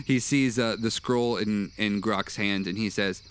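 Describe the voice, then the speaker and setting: A man with a somewhat low voice narrates as game master, often pausing on fillers as he describes the scene. Faint crickets and insects chirp in the background. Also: expressive, a little hiss or hum. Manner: hesitant, many uh fillers.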